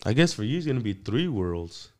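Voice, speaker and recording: A man co-hosting a casual talk show, animated and joking, swearing easily and dropping in Spanish words. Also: medium pitch, brisk. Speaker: podcast co-host. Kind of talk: casual chat.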